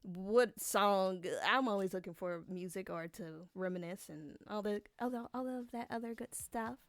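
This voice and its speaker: A woman's voice: medium pitch, normal speed, no room sound. A woman hosting a podcast in a casual, chatty monologue, rambling with lots of fillers. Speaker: podcast host.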